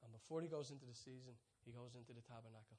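A man preaching a sermon, telling stories with many restarts, dropping to hushed asides and rising to excited peaks. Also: medium pitch, racing. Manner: storytelling, swings from soft hushed asides to loud excited peaks.

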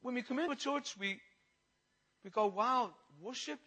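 A man preaching a sermon, impassioned and repetitive, moving between loud passages and hushed ones. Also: extremely high pitch, fairly quick, husky, poor audio.

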